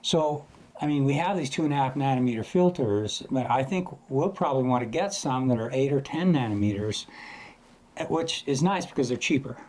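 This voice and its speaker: A man's voice: medium pitch, animated, brisk, darkish tone. A man teaching astrophotography in a loose, chatty way, sometimes imitating sounds to make a point. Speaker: astrophotography educator. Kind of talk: casual explanatory lesson.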